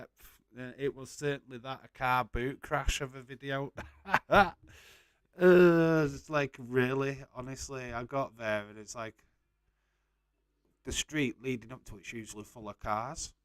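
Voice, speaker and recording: A man's voice: medium pitch, clean tone, no room sound. A young man casually hosting a live stream, reading out and answering chat messages and laughing often.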